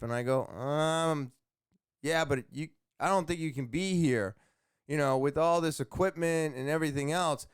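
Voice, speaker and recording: A man's voice: a little high, normal speed, smooth, no room sound, clean studio sound. A man hosting his own show, telling a long rambling story with many fillers and repeated words. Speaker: podcast host. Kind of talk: casual storytelling monologue.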